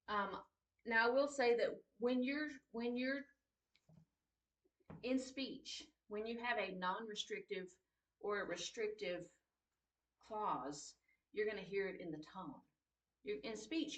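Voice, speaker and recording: A woman teaching a writing class, patiently repeating key points and checking that her students understand. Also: medium pitch. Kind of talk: classroom grammar lesson. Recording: roomy echo, distant mic.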